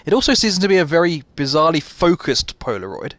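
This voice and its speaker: British gaming streamer, light and self-deprecating, a little high-pitched, dry and close-miked. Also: male voice, very animated, fairly bright tone, no echo. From Britain. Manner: self-deprecating, quick asides to chat, laughs often. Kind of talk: casual live gameplay commentary.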